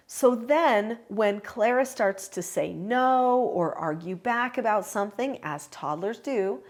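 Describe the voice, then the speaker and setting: Looking straight into the camera, an older parenting educator delivers firm instruction to her audience. Her mid-range voice carries a darkish tone.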